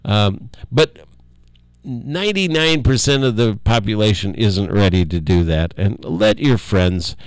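Low-voiced older man, rambling folksy. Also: dry recording. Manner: folksy, halting, many fillers, chuckles often. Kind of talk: rambling casual monologue.

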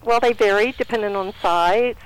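A woman's voice: mid-range voice, normal speed, clear, resonant tone, rough recording. Brief: female caller, flower shop worker, plain matter-of-fact answers. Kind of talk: phone call to radio.

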